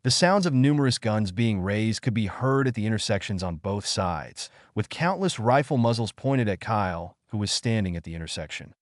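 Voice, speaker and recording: A man giving steady scripted narration as the reader of an audiobook. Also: on the low side, moderate pace, hardly any pauses, no echo, studio quality.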